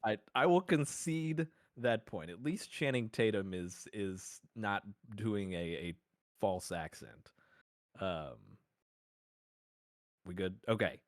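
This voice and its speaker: A man's voice: fairly low pitch, lively intonation, slow pace, dry recording, clean studio sound. A man co-hosting a podcast, arguing his case in a playful, rambling, mock-formal way and laughing often. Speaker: podcast co-host. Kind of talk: casual mock-courtroom argument.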